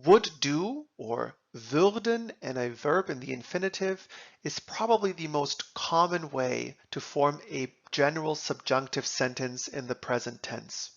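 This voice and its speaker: A man teaching German grammar, reading example sentences and translating them in a slow, deliberate lesson. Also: fairly high pitch, lively intonation, creaky, highs cut off.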